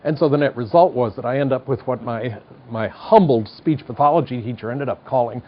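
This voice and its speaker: A man's voice: medium pitch, fairly quick. Older male lecturer, 60s, General American accent, wry and digressive, muffled studio tape. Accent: General American, slight Midwestern twang. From United States. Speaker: psychology professor. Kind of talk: televised university lecture. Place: studio classroom.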